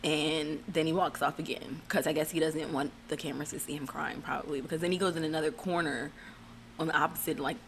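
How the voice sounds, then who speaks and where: A woman's voice: deep voice, fairly even intonation, fairly quick, a little hiss or hum. A woman giving casual, blunt and profane reality TV recap commentary, rambling with fillers and restarts.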